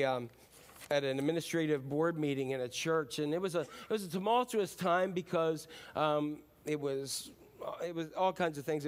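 Man, middle-aged, pastor; slightly high voice, animated storytelling sermon full of ums. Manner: animated, acts out quotes, frequent ums. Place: church sanctuary.

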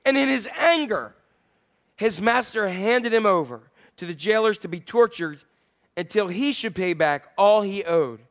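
Male pastor with a high voice. Conversational sermon, loud emphasis dropping to hushed asides. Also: animated, a little slow. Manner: conversational preaching with rhetorical questions to the congregation; swings between loud emphasis and quiet, hushed lines.

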